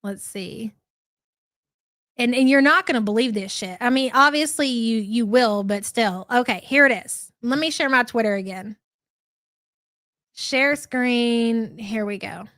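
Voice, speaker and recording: A woman's voice: fairly high pitch, a little slow, fairly bright tone, dry recording, studio quality. A middle-aged woman hosting a live stream, chatting casually and rambling, with frequent profanity.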